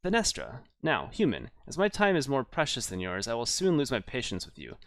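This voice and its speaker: A man's voice: mid-range voice, huge pitch swings, a little fast, fairly bright tone. A man voicing an impatient, wary female elf seer who speaks in a clipped, haughty way.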